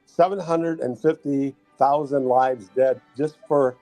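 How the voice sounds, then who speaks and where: A man's voice: medium pitch, steady tone, measured pace, dark tone, dry recording, soft background music, poor audio. Chatty man asking earnest questions. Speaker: guest. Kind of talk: casual chat.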